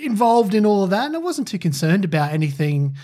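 A man's voice: high voice, sing-song, fast talker, dark tone. A man co-hosting a podcast, telling a rambling personal story full of fillers. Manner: rambling, with many fillers and laughs. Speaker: podcast co-host. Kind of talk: casual storytelling chat.

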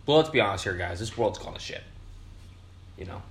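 A man's voice: on the low side, animated, brisk. A young man hosting a podcast, tipsy from beer, rambling through a casual monologue full of swearing and fillers. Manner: profane, meandering, frequent fillers. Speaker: podcast host. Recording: roomy echo.

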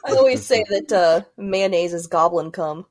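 A woman co-hosting a podcast, throwing in quick, crude quips and laughing in casual chat. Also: on the low side, no room sound, clean studio sound. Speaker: podcast co-host.

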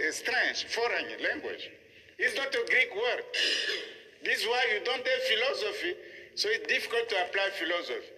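Man, lecturer, high voice, very bright and piercing, emphatic, repeats points, reverberant hall. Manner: emphatic, repeats himself, checks in with "you see?". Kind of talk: lecture to a class. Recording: long echo of a hall.

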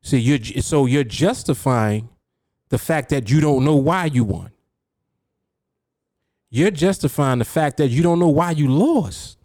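A man's voice: medium pitch, expressive, a little slow, pauses often, darkish tone, dry recording, clean studio sound. A man with a New York accent hosting a solo podcast, lecturing in a preachy way and throwing out rhetorical questions. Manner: preachy, rhetorical, keeps asking "you see?". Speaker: podcast host and trading coach.

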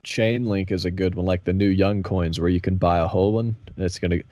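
Laid-back profane Southern man, low voice. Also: steady tone, a little fast, dark tone, no echo, highs cut off. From American South. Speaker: podcast co-host. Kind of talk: casual chat.

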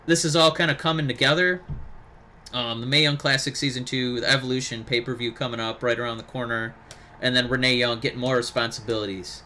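A man co-hosting a podcast in casual chat, talking animatedly and breaking into excited impressions. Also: mid-range voice, slight background noise. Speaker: podcast co-host.

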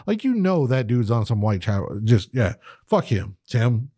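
Male co-host, mid pitch, dry close mic. Profane, ranting, does mocking impressions. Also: sing-song, moderate pace, mellow, no room sound. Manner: ranting, swears constantly, mimics people. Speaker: podcast co-host. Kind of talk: profane casual chat.

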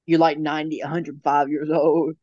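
Rambling young man, slightly high, lo-fi. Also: flat delivery, a little mellow, no room sound. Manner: rambling, laughs often, halting restarts. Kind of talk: casual chat.

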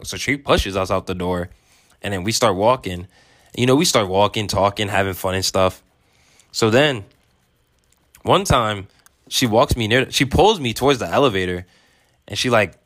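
Laid-back young man, low voice, dry. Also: fairly bright tone, no echo. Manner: laid-back, rambling, lots of fillers. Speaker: vlogger. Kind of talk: casual storytelling.

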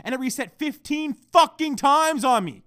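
A man's voice: very high-pitched, lively intonation, moderate pace, sharp tone, no room sound, clean studio sound. A man hosting his own podcast, ranting heatedly and swearing constantly, recorded at home on a microphone. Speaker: podcast host. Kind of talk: solo podcast rant. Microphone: microphone at a laptop.

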